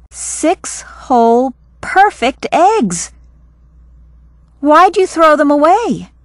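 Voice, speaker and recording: A woman reading a first-person novel aloud calmly and deliberately for listening practice. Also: medium pitch, no room sound. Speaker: audiobook reader.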